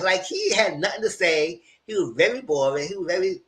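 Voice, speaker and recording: A man giving casual, gossipy reality TV commentary, animated and freely profane. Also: high-pitched, a little fast, few pauses.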